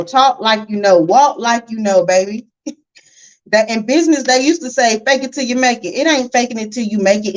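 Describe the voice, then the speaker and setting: A woman hosting a spiritual healing livestream, talking casually and preachily to viewers and reading their chat comments aloud. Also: mid-range voice. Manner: animated, preachy, addresses viewers as y'all and baby, reads chat comments aloud. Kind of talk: casual motivational livestream talk. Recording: dull lo-fi livestream audio.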